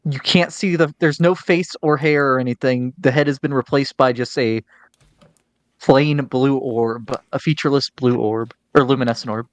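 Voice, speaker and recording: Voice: medium pitch, fairly even intonation, normal speed, no room sound. Hesitant game master in a dry room. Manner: hesitant, filler-heavy narration. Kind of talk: narrating a tabletop game.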